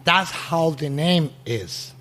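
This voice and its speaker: A restaurant owner telling a story in casual, halting English, often restarting his sentences. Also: on the high side, animated, pushed and bright.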